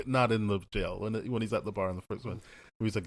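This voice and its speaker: A man's voice: on the low side, steady tone, very fast. A man co-hosting a casual movie review podcast, rambling and laughing as he acts out quotes. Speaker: podcast co-host.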